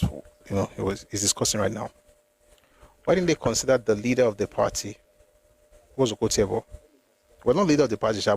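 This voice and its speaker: A man's voice: lowish voice, a little mellow, breathy edge. Man reading history aloud. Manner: reads steadily, pauses to comment and reread. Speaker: history channel host. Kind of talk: reading a memoir aloud with commentary.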